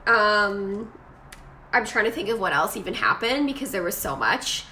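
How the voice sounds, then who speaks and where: A woman's voice: mid-range voice, big pitch swings, normal speed, pushed and bright. A young woman casually recapping a show and acting out quotes in dramatic voices. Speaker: podcast co-host. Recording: echoey room with faint noise.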